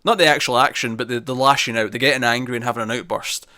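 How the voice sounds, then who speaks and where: A man's voice: mid-range voice, steady tone, quick pace, bright, forceful tone, no echo, clean studio sound. A man co-hosting a podcast, reviewing a TV episode in casual chat, rambling with many fillers and restarts.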